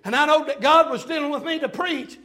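High-voiced fervent preacher, man. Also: a little fast. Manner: fervent preaching with frequent "uh" fillers, sudden shouts. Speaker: pastor. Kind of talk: sermon.

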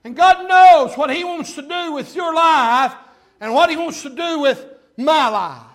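A man preaching a sermon, fervent and halting with many fillers, breaking into shouts. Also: very high voice. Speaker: pastor.

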